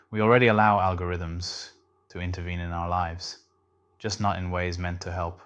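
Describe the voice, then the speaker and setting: Low-voiced man narrating a reflective essay. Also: a bit bright. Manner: measured, reflective. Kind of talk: scripted narration.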